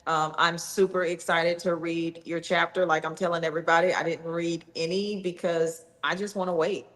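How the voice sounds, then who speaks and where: Upbeat woman livestream host, slightly low voice, echoey video-call sound. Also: steady tone, normal speed, a bit bright. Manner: upbeat, encouraging, salesy. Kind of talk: hosting a live book promotion.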